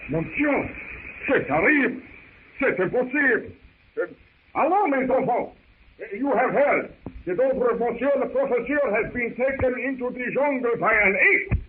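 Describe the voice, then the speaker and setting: A French navy captain with a French accent, commanding and exclamatory. His voice is high. The sound is a narrow, hissy 1930s radio transcription. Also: animated, moderate pace. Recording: tinny 1930s radio recording.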